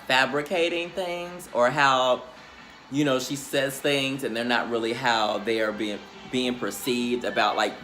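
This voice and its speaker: A man hosting a casual reality show recap, gossiping in a sassy, animated, profane way. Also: mid-range voice.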